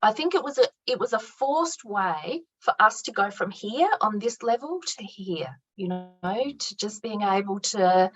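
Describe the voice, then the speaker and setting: A woman's voice: mid-range voice, lively intonation, a little slow, hardly any pauses, a bit bright, rough recording. A woman speaking as an interview guest, earnest and affirming, talking reflectively over a video call. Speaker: guest, art therapist and creativity coach.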